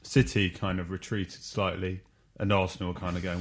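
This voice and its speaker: A man's voice: deep voice, little pitch movement, normal speed. A man co-hosting a football podcast, chatty and wry. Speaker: podcast co-host. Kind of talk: casual football chat.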